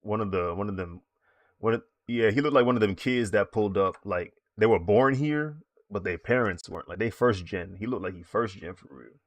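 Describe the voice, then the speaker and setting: A man casually chatting with his stream viewers while he draws, in a relaxed, rambling way with frequent laughs. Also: fairly low pitch, a little fast, no echo. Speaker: streaming digital artist.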